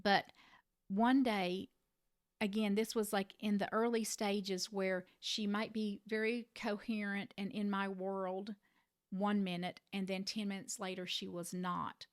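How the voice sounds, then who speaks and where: A woman's voice: mid-range voice, flat delivery, unhurried, no echo. Middle-aged woman telling a personal caregiving story, earnest and reflective, voice kinda in the middle, dry sound. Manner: earnest, reflective, gently emphatic. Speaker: family caregiver sharing advice.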